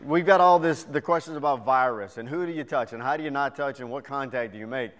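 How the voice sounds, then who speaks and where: A man's voice: mid-range voice, fast talker. Man preaching in a reverberant hall. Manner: animated joke-telling, then quieter teaching. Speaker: pastor. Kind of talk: sermon with scripture reading and jokes.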